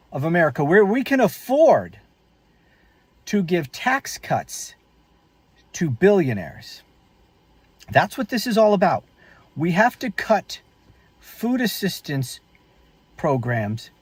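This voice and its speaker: A man hosting political commentary, his voice a touch higher than most and swinging widely as he mocks and fumes. He talks unhurriedly in a dry, close-sounding space. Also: dry recording. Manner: indignant and sarcastic, mocking.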